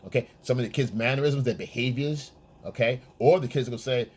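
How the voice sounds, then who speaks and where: A man's voice: medium pitch, a little fast, darkish tone, slightly rough. A man giving blunt, profane dating advice in a casual monologue, often checking in with the listener. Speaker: men's dating coach.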